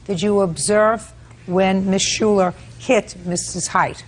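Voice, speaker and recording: A woman presiding as a TV judge, questioning witnesses in a brisk, blunt, commanding way. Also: medium pitch, fairly even intonation. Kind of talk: courtroom questioning.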